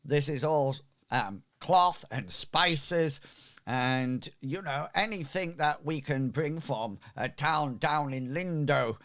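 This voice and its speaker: A man's voice: fairly high pitch, slow pace, a bit bright. A man doing a breezy, haggling ship's quartermaster. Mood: bargaining. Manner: breezy, bargaining. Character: easygoing male ship quartermaster, fond of haggling.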